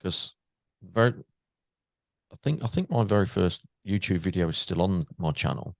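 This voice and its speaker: A man's voice: deep voice, expressive, normal speed, vocal fry, no room sound. An English man hosting a podcast, chatting casually and laughing with his guest. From England. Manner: chatty, laughing, restarts often. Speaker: podcast host. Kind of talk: casual interview chat.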